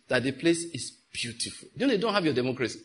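A man's voice: medium pitch, sing-song, fast, fairly bright tone. A middle-aged man preaching a sermon, talking to his congregation with frequent rhetorical questions. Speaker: pastor.

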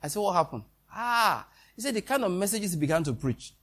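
A man's voice: high-pitched, big pitch swings, brisk, a bit bright. A man preaching a sermon in a conversational way, with quoted dialogue and questions to the congregation.

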